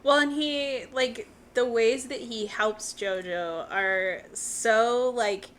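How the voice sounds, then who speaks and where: Higher-voiced woman podcast co-host, loose and rambling, quick to laugh. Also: slight background noise. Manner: rambling, laughs often, swears casually. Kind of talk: casual movie podcast chat.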